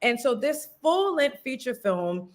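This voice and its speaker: A woman's voice: sits high, big pitch swings, measured pace. A woman, a writer and actor, chatting casually as an interview guest with frequent ums. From New Orleans.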